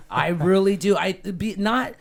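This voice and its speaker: A woman's voice: mid-range voice, takes it slowly, creaky. A woman in her fifties, a podcast co-host, telling stories in casual chat and swearing freely. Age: 50s. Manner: animated storyteller, swears freely.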